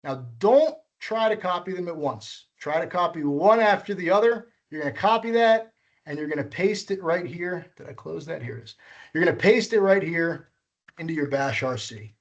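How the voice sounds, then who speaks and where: With a fairly high pitch, lively intonation and a moderate pace, a male workshop instructor runs a live coding session in lo-fi sound. He guides everyone patiently through each step, correcting himself as he proceeds.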